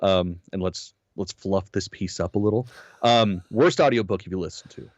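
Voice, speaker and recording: A man co-hosting a podcast in a casual, profane chat, his voice a little hoarse. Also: deep voice, moderate pace, no echo, lo-fi sound. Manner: profane, animated storytelling. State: slightly hoarse. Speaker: podcast co-host.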